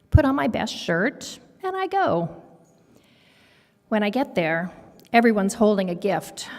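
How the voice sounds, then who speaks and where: A woman reading a picture book aloud to children at a worship service in an expressive, storytelling manner. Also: medium pitch. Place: congregation sanctuary. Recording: long hall reverb.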